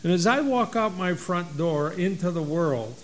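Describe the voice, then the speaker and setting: A middle-aged man who is a pastor, preaching a sermon in a slow, folksy storytelling way. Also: high voice, expressive, a little hiss or hum, rough recording.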